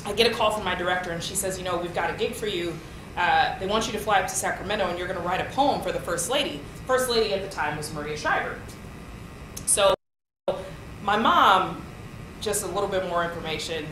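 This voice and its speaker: Animated woman storyteller in echoey hall. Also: lowish voice. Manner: animated storyteller, acts out quotes, laughs often. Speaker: poet giving a lecture. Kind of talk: storytelling talk. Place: lecture hall. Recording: echoey hall with room noise.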